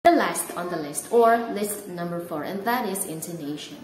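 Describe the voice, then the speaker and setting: A woman who speaks English with an Indonesian accent gives a relaxed, chatty video lesson on learning English, laughing at herself now and then. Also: on the low side, moderate pace. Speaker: English teacher. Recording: echoey room with clear background noise.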